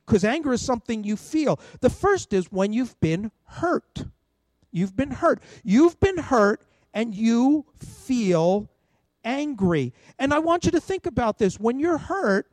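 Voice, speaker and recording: A man's voice: sits high, darkish tone, no echo, poor audio. An older man giving a conversational sermon as a pastor, often putting rhetorical questions to his listeners.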